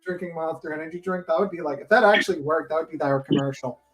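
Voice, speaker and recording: A man's voice: a little high, quick pace, a bit bright, low-quality recording. Joking, swearing man on a casual stream. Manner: joking, rambling, swears freely. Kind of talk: casual livestream chat.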